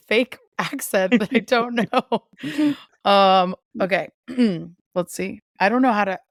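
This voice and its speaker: A woman co-hosting a podcast in casual chat, wry and quick with comebacks, often laughing. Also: mid-range voice, dry recording, clean studio sound. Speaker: podcast co-host.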